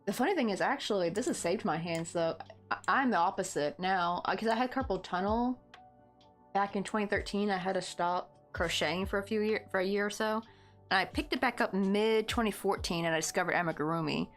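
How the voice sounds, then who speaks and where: A woman's voice: medium pitch, fairly quick, soft background music. A woman in her thirties hosting a crochet livestream, chatting casually in a rambling way with lots of fillers and easy laughs.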